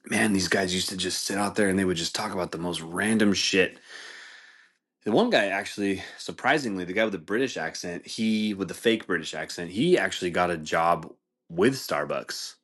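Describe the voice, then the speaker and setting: Low-voiced man telling a story. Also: normal speed. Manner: animated, swears, says dude a lot. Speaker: podcast host. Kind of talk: casual storytelling.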